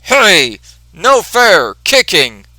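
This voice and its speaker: A man voicing an irritable, brutish supervillain in a rhino costume, complaining loudly. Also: sits high, wildly swooping pitch, drawn-out words, dry recording, pitched above the performer's own voice, heavily acted, poor audio. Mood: angry yelling. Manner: loud, whiny complaining.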